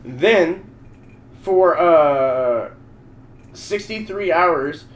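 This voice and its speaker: A man hosting a podcast, telling a story in casual chat, profane, rambling and excitable. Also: fairly high pitch, very slow. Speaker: podcast host.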